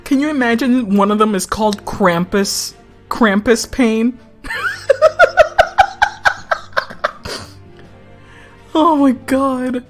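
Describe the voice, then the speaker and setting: A woman streamer giving casual commentary on a game, swearing often, laughing a lot and reacting loudly to what happens on screen. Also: a little high, a little slow, soft background music.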